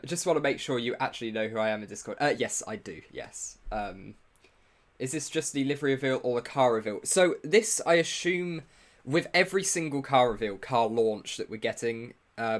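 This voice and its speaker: Young guy streaming live, chatty, greets chat, jokes about his own setup, mid pitch. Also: lively intonation, moderate pace. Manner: chatty, greets chat viewers, self-mocking asides. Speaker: livestream host.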